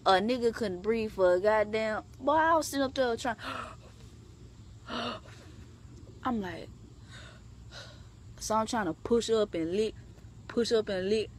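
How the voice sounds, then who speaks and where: A young woman telling a story in a casual vlog, animated and profane, leaping up in pitch for emphasis. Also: normal speed, slight background noise. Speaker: vlogger.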